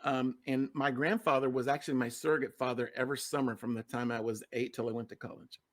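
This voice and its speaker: A middle-aged success coach, appearing as a podcast guest, tells a personal story in a medium-pitched, level voice. He talks fast, earnest and emotional, often repeating words for emphasis.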